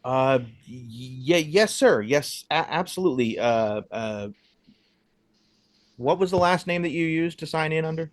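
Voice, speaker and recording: A man's voice: fairly high pitch, animated, unhurried, no room sound. A man voicing a nervous young hotel assistant manager who stammers and apologizes constantly.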